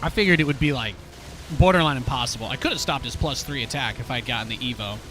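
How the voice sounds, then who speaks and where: A man giving lively live gameplay commentary as a streamer, with playful trash talk at his home desk mic. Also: mid-range voice, quick pace, music in the background. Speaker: game streamer.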